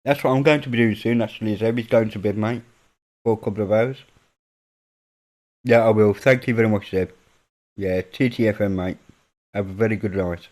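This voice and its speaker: Chatty northern English man, lowish voice. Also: steady tone, moderate pace, pauses often, a little mellow. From northern England. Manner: rambling, chatty, drops in British slang. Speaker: livestream host. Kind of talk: casual chat with stream viewers.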